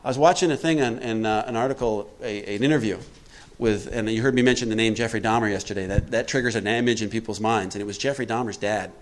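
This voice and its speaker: A man's voice: on the low side, quick pace, hardly any pauses. A middle-aged man giving a twelve-step recovery talk to a group, conversational and emphatic, often putting questions to his listeners.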